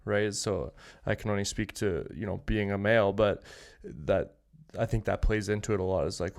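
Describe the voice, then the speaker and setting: A man hosts a podcast in casual talk. His voice sits fairly low, and he rambles through his points with many fillers and restarts. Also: moderate pace, vocal fry. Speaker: podcast host.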